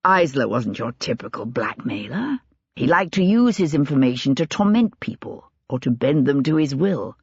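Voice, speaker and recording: A reader voicing a sharp-tongued aristocratic lord who speaks in a calm, clipped, commanding way, for an audiobook. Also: mid-range voice, moderate pace, slightly rough, no room sound, exaggerated voice. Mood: probing. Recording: dull, dry lo-fi recording.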